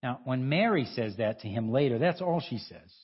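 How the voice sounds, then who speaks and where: Husky-voiced preacher with a lively delivery. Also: male voice, medium pitch, normal speed, highs cut off. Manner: informal, self-interrupting, chuckling asides. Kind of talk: conversational sermon.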